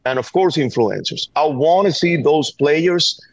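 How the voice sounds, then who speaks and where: His voice on the high side and animated but a little slow, a middle-aged Venezuelan guest speaks about gun violence in a call-in interview. He has a Venezuelan Spanish accent, talks with earnest urgency, and repeats words as he presses a point, over a dull, dry remote line with no echo.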